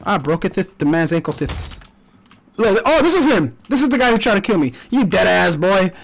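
A young man streaming a shooter game, commenting loudly with profane trash talk and sudden yelps. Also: sits high, very animated, moderate pace, creaky. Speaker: gaming streamer. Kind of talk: live gameplay commentary.

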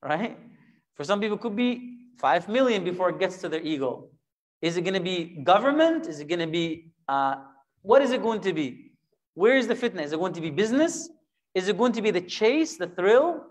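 A man's voice: sits high, brisk. Man teaching a Quran lesson. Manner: animated, acts out imagined voices, rhetorical questions.

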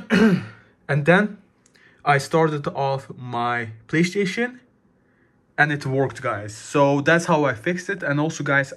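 A man's voice: on the high side, a bit bright. A young man hosting a casual gaming tip video, rambling and calling his viewers guys, a little out of breath. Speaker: gaming channel host.

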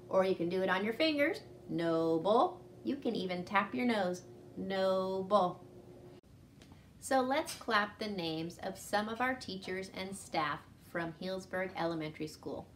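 Woman teacher for a kids' reading lesson, slow and sing-song, light background hiss. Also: medium pitch, fairly bright tone. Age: adult with a son. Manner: slow and sing-song, clapping syllables aloud. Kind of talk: children's lesson.

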